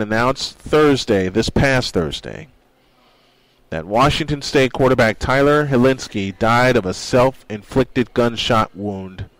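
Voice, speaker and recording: In a rough recording with no echo, a medium-pitched man hosts a sports radio show. He delivers an earnest monologue and reads quotes aloud.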